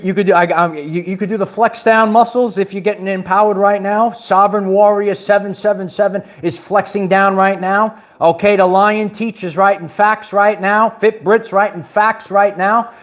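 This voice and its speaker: A man from Brooklyn, talking to his viewers in an emphatic, preachy way and repeating his phrases. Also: high voice. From Brooklyn, New York. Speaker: spiritual empowerment vlogger. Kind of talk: livestream motivational talk.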